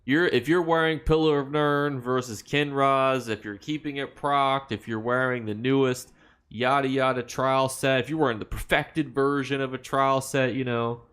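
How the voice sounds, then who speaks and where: A man's voice: mid-range voice, fairly even intonation, normal speed, fairly bright tone, clear, resonant tone. A young American man hosting a casual game livestream, reading viewer comments aloud and rambling through loose, filler-heavy answers with easy laughs. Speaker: livestream host.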